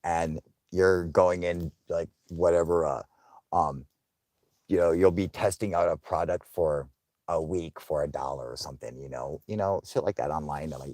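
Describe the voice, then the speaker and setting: A young man hosting a casual livestream, swearing often, laughing, and loudly thanking viewers for donations. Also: very deep voice, normal speed, vocal fry, no room sound, clean studio sound. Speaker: livestream host.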